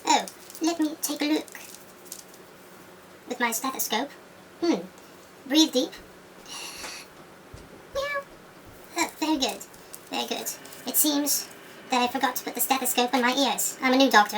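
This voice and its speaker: A woman voicing a brisk young male doctor. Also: sits high, expressive, fairly bright tone, far from the mic, a little hiss or hum, full character voice. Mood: matter-of-fact. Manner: put-on foreign-sounding, clipped. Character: new, self-assured male doctor puppet.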